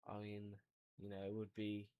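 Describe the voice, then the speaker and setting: A man's voice: fairly low pitch, monotone, moderate pace, dull audio, a little hiss or hum. A young man streaming and chatting casually while gaming, laid-back and rambling, often restarting his sentences.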